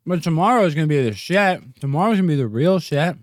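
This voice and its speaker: A man hosting a livestream, rambling and joking, sometimes jumping into goofy high-pitched bits. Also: animated, fast talker, no room sound, clean studio sound. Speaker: livestream host. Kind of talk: casual livestream rant.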